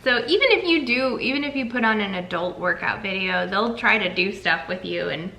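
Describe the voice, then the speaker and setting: Chatty young woman, bright crisp voice, upbeat casual chat with her husband. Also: mid-range voice, animated, brisk, a little hiss or hum, low-quality recording. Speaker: co-host.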